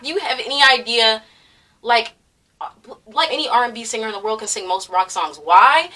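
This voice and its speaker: A young woman commentary vlogger with a bright, forceful, a little high voice rants and swears, worked up, through fillers and bursts of laughter. She talks expressively and fairly quickly, sitting a little back from the mic so she sounds slightly distant.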